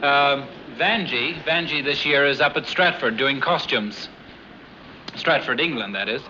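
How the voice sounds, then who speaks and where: A man's voice: medium pitch, a little slow. A man from Canada who runs a coffee shop, chatting casually about its decor and stumbling over some words. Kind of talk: casual interview chat. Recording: echoey room, noisy dull 1950s film sound.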